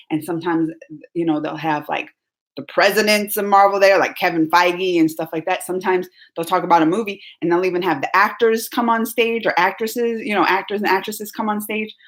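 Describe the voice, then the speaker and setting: A woman from New Orleans with a Southern accent, chatting casually and giggling as she reads viewer comments on her live stream. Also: mid-range voice. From New Orleans, Louisiana, US. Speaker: YouTube host.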